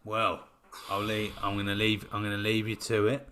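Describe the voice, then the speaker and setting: A man's voice: on the low side, monotone, normal speed, pushed and bright. A young British man co-hosting a podcast, trading jokey, eager banter with his friend. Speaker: podcast co-host. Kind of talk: casual chat.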